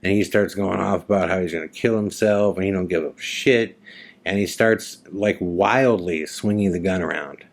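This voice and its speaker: Deep-voiced man telling a personal story. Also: normal speed. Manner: conversational, many fillers and restarts. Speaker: podcast host.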